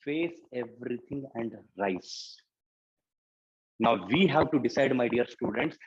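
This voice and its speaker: A man's voice: mid-range voice, measured pace, lo-fi sound. A man with an Indian English accent, giving a motivational talk to school students, tells a story and keeps asking the audience questions. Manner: animated storyteller, quizzing the audience with rhetorical questions.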